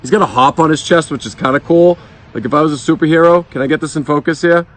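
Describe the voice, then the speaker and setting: A man in his thirties with a Boston accent and a slightly hoarse voice, joking and swearing freely through a casual beer review vlog outdoors in his yard. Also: fairly high pitch, fast talker. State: voice a bit hoarse. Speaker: beer vlogger.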